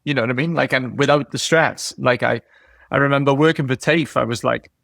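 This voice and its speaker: A man's voice: medium pitch, a little fast, creaky, a bit bright, dry recording, studio quality. An Australian man, a business owner and podcast guest, talking bluntly and candidly with heavy swearing, often quoting other people. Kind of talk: casual podcast chat.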